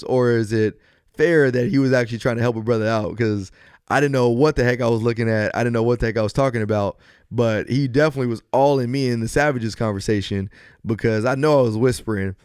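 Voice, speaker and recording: A man hosts a podcast by himself, with a smooth, clear voice recorded close and dry. He moves from earnest encouragement to loose, joking storytelling. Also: mid-range voice, quick pace, a little mellow, dry recording. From US West Coast. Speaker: podcast host. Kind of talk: solo podcast talk.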